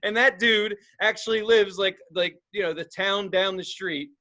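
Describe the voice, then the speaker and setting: High bright-voiced man telling stories. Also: fairly even intonation, moderate pace. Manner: profane, rambling, acts out quoted voices. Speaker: podcast co-host. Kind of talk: casual storytelling chat.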